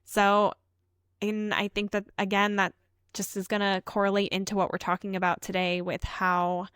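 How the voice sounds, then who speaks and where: A woman's voice: medium pitch, monotone, normal speed, a bit bright, clear, resonant tone, dry recording, studio quality. A woman co-hosting a casual podcast, an emergency vet tech telling her stories in an earnest, heartfelt way.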